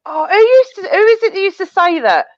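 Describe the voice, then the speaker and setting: A woman's voice: very high voice, big pitch swings, a little fast, no echo, highs cut off. A woman co-hosting a podcast in casual chat, laughing often as she tells the story. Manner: giggly, laughs often while telling the story. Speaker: podcast co-host.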